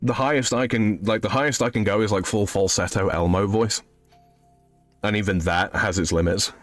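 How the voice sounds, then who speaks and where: A man's voice: fairly low pitch, steady tone, moderate pace, no echo, faint music behind. A man in his thirties streaming a game, casually rambling as he reads chat messages aloud and answers them. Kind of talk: casual live-stream chat while gaming.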